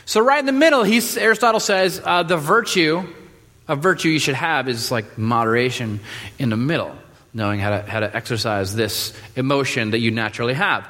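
A man preaching a sermon in a relaxed, joking way, with many fillers and restarts. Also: medium pitch, fairly quick. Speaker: pastor. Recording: reverberant hall.

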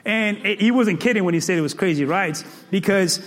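A man from Cape Verde preaching in a comic, animated storytelling manner, full of playful exclamations and laughter. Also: high-pitched, brisk. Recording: echoey hall reverb.

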